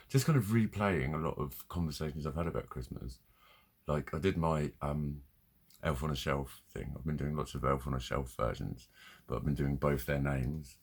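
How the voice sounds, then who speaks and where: Male vlogger, low husky voice, rambling sweary rant, heats up fast. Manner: sweary, rambling, gets heated. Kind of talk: casual rant to camera.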